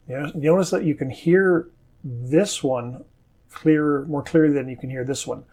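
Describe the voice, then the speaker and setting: A man with a standard North American accent gives an English pronunciation lesson. He says each model word slowly and carefully, then explains it. His voice is a touch husky and sits a little high for a man. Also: mellow. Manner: slow, carefully enunciated model words.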